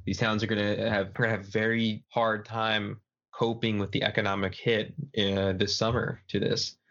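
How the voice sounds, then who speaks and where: A young man co-hosts a casual news podcast, rambling loosely through his points with plenty of fillers. His voice is very low. The sound is dull and lo-fi. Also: little pitch movement, normal speed, a bit bright. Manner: rambling, lots of "like" and restarts. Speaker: podcast co-host.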